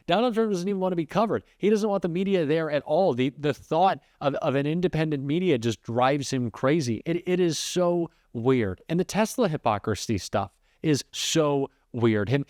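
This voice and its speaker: A man's voice: fairly high pitch, darkish tone. A male political commentator reacts in an unscripted, conversational way. He restarts his sentences often and leans on fillers. The sound is dry and close, with no room echo. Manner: fast, loose, with frequent restarts and fillers.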